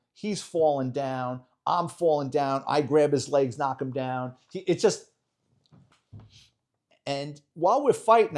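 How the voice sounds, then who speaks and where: A middle-aged man, a retired police detective telling a blunt, profane war story as a podcast guest. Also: medium pitch. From New York. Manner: animated, blunt, profane storyteller who acts out dialogue.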